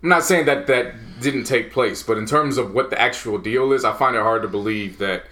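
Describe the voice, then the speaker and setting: A man co-hosting a podcast, calmly laying out his argument step by step in a casual debate among friends. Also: mid-range voice, brisk, a little hiss or hum. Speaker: podcast co-host.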